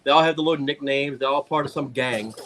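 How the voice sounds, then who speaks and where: A man's voice: medium pitch, fast talker. A man telling a funny story on a casual talk show, acting out what people said. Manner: animated, laughing storyteller acting out quotes.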